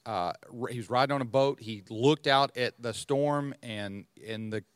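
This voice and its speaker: A man hosting a podcast and teaching from the Bible. He speaks at a mid pitch, explaining things step by step and often pausing to rethink a phrase. The recording is close and dry. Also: clean tone, dry recording. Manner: explanatory, thinking aloud with restarts.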